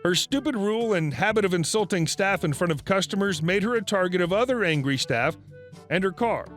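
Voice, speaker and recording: A man's voice: high-pitched, animated, brisk, fairly bright tone, soft background music. A man reading a first-person story aloud as a scripted narration.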